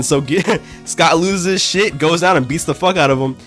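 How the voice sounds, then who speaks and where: A man's voice: fairly high pitch, normal speed, a bit bright, soft background music. A man recapping a story in a casual, slangy, profane way. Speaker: comic book summarizer.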